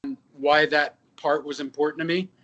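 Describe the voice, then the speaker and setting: A man in his fifties, an actor and musician, telling lively anecdotes with quoted dialogue in a casual interview. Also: fairly high pitch, moderate pace, dull audio.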